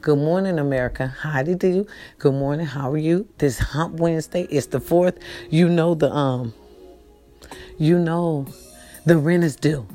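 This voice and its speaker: A middle-aged woman with a low voice talks straight to her viewers in a soft half-whisper. She repeats her words again and again, calls everyone y'all, and pleads for their help. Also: a little slow, faint music behind. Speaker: vlogger. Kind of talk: casual morning vlog talk.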